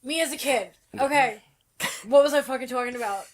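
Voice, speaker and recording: Young woman from jersey, kinda high voice, swears a ton while rambling through a story on a podcast. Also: a little fast. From New Jersey. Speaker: podcast co-host. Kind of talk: casual chat.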